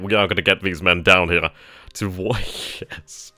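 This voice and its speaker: A man thinking aloud as he plays a strategy game, trailing off mid-sentence and bursting into giddy excitement at good news. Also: deep voice, fast talker, no room sound. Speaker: let's play gamer.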